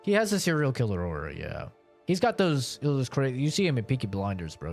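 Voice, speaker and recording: A man's voice: medium pitch, sing-song, a little fast, soft background music. A young man streaming and chatting casually, rambling and joking with a lot of swearing. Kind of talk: casual chat.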